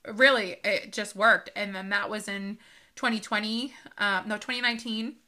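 A woman in her thirties talks through her own life story on a podcast. Her voice is bright and clear, and she speaks in a loose, unscripted way with many fillers. She sounds close to tears at times. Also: medium pitch, steady tone, moderate pace. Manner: emotional, with frequent fillers and laughs. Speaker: podcast host. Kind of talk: personal storytelling monologue.

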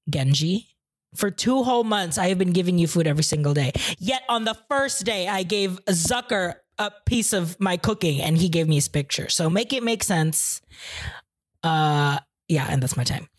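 A woman co-hosting a podcast, playful and giggly in casual group chat. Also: fairly low pitch. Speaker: podcast co-host.

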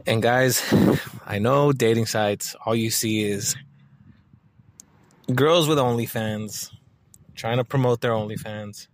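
A man's voice: lowish voice, a bit bright. A man talking casually in a monologue, swearing often and rambling with lots of filler words.

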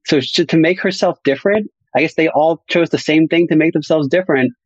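A man's voice: fairly high pitch, fairly quick, husky, no room sound, muffled recording. A man co-hosting a podcast, rambling casually and hedging often. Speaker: podcast co-host. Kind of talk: casual chat.

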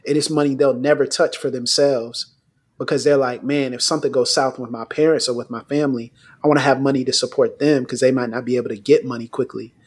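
Husky-voiced man telling a story. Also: mid-range voice, fast. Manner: animated personal storytelling. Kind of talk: casual conversation.

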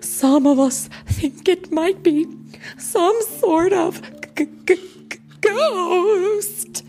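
A woman voicing a nervous female grocery store manager who stammers in a high, strained voice. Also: expressive, very slow, darkish tone, soft background music, full character voice. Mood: fearful whisper.

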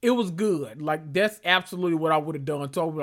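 A man's voice: fairly high pitch, fairly quick, hardly any pauses, a bit bright. A man hosting a podcast, recapping reality TV in casual, sassy, profane talk full of asides. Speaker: podcast host.

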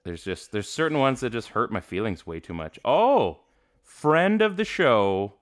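A man co-hosting a casual sports talk show, animated and jokey, laughing often. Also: mid-range voice, a little slow. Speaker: podcast co-host.

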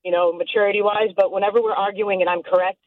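A woman's voice: mid-range voice, fairly even intonation, quick pace, no room sound. A woman in her forties calling into a radio show, chatting with amused exasperation about her boyfriend. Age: 40s. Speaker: caller. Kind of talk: casual phone call. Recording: tinny phone line.

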